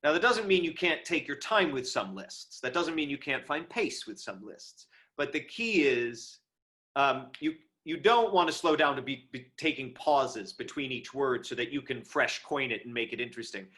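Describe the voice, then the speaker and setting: A man's voice: mid-range voice, expressive, normal speed, bright, forceful tone. A man giving a casual online lecture on performing verse, thinking aloud with many ums and restarts, recorded over a video call. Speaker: acting teacher. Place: home setup on a video call. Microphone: video call microphone.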